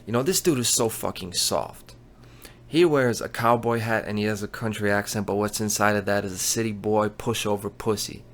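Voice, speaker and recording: Profane, ranting man with a low voice. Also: moderate pace, fairly bright tone, a little hiss or hum. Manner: angry, profane, contemptuous. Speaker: show host. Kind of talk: ranting commentary.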